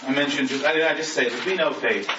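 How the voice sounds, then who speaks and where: A man's voice: medium pitch, a little fast. A man preaching as a pastor in a conversational style, asking the congregation rhetorical questions. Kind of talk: sermon. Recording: roomy echo, distant mic, lo-fi with noise.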